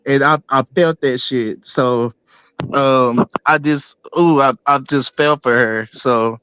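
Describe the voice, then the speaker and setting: A man's voice: medium pitch, steady tone, slow pace, pushed and bright, clean tone, no room sound. A man, casually telling a long story with loose, rambling talk full of fillers and restarts. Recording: dull, muffled, dry mic sound.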